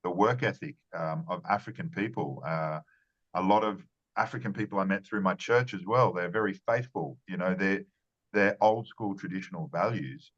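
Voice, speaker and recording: A man's voice: deep voice, moderate pace, a bit bright, muffled recording. A man giving earnest conversational interview answers as a marketing strategist, often repeating words and restarting phrases.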